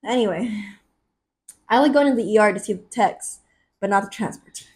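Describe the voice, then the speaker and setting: A young woman co-hosting a podcast, telling stories in a lively way, acting out what people said and laughing often. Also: medium pitch, a little fast. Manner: animated, acts out quotes, laughs often. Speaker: podcast co-host. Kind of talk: casual chat, storytelling.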